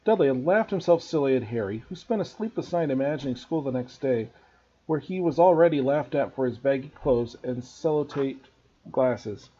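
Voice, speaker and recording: A man, a teacher, reading a children's novel aloud to students in an expressive storybook narration. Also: mid-range voice, moderate pace, muffled recording, a little hiss or hum.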